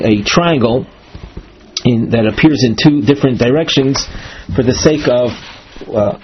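A man with giving a Talmud lesson, reading each phrase and then explaining it with many halting "uh" pauses. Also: mid-range voice, a little hiss or hum. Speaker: Talmud teacher. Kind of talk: text study lesson, reading and translating. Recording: dull lo-fi recording.

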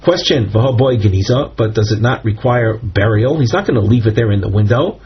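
A man with a very husky, breathy voice teaches a Talmud lecture, working through the text step by step with frequent fillers and repeated phrases. The recording is dull and muffled. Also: lowish voice, lively intonation, brisk. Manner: explains step by step, repeats terms, many fillers.

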